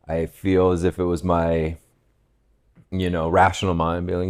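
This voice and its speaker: Deep gravelly man telling a story. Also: a little fast. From West Virginia, USA. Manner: relaxed, reflective storyteller who laughs at himself. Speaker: podcast guest. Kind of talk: casual storytelling conversation.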